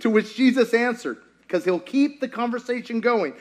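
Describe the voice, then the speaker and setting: A male pastor preaching a sermon in a lively, joking way, acting out scenes as he goes. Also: very high voice, normal speed, few pauses. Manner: animated, joking, acts out scenes.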